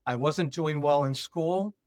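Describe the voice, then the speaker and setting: Animated man retelling a story. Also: on the high side, a little slow, no echo, studio quality. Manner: animated retelling, acting out both sides of a dialogue. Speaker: guest speaker. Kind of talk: storytelling in a podcast interview.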